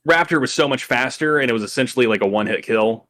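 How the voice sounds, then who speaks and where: A man's voice: medium pitch, fast talker, a bit bright. Laid-back male podcast co-host. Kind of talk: casual chat.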